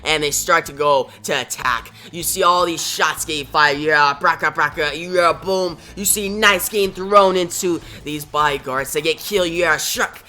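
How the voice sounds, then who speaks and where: A man casually retelling a comic book story, excited and talking to his viewers directly. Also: on the high side, moderate pace, few pauses. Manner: excited, addresses viewers as guys. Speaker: comic reviewer.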